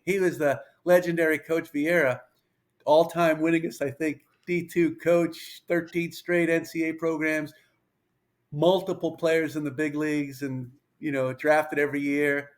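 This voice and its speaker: Lively storytelling man in his fifties. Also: on the high side, normal speed. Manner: lively anecdotal, acts out dialogue. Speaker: pitching coach, interview guest. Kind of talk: storytelling interview.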